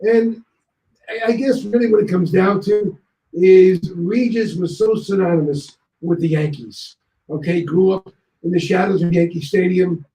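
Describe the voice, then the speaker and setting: A male guest on a talk show telling anecdotes in a lively way and acting out other people's lines. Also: high voice, unhurried, roomy sound, slight background noise, low-quality recording. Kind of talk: anecdotal storytelling.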